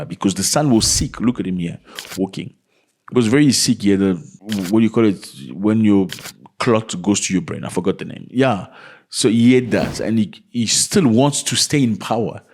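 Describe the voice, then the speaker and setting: A man hosting a casual commentary video, talking to his viewers in a conversational way and throwing rhetorical questions at them. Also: on the low side. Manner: addresses viewers as fellas. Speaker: commentary channel host.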